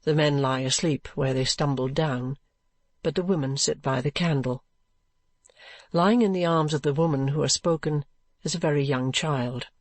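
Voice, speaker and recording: A woman narrating a classic novel in an audiobook with measured, even storytelling. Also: deep voice, no echo.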